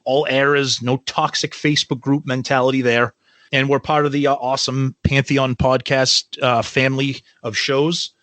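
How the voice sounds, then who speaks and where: A man co-hosting a podcast in easygoing casual chat, halting with fillers. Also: medium pitch, flat delivery, a bit bright, dry recording. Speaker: podcast co-host.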